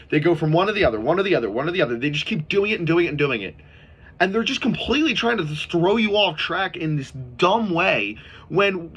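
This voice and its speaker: A man's voice: fairly high pitch, a bit bright, breathy edge. A man giving a casual, frustrated movie review, swearing often and stumbling over restarts. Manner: frustrated, profane, repeats himself, lots of restarts. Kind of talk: casual video review rant.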